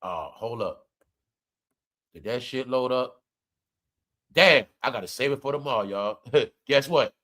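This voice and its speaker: A man's voice: medium pitch, lively intonation, a little slow, pauses often, fairly bright tone. A man ranting comedically and profanely to his viewers, calling them y'all and preaching his point. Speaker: commentary vlogger.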